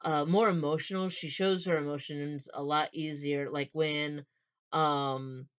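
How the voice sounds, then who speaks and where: Brief: casual book reviewer, woman, low voice, rambling and filler-heavy, muffled recording. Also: steady tone, measured pace, smooth. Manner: rambling, many fillers and restarts, retells scenes in quoted voices.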